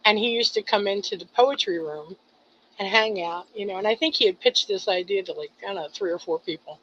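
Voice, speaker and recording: A middle-aged woman poet who reads her poem aloud, then tells the story behind it in an expressive way, laughing at herself. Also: medium pitch, fairly quick, slight background noise. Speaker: poet and co-host. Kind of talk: poetry reading and casual chat. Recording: slightly dull lo-fi online radio audio.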